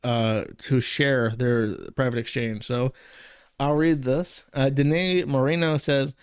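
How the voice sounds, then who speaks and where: A man hosting an online commentary show, talking casually and haltingly with many fillers and self-corrections. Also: mid-range voice, steady tone, clean tone, dry recording, clean studio sound. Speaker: host.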